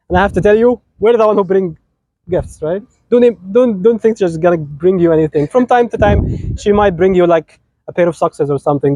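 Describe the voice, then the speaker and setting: A man's voice: high-pitched, warm tone, no echo. A man with an Egyptian accent, a native Arabic speaker, giving an informal wedding sermon in a chatty, teasing way, often asking "right?". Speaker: officiant giving a wedding talk.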